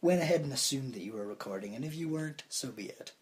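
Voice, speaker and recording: Talking fast in an expressive, medium-pitched voice with a darkish tone, a young podcast co-host with a cold rambles and mocks himself dryly. The phone on the table gives a roomy, rough-sounding recording of the casual conversation.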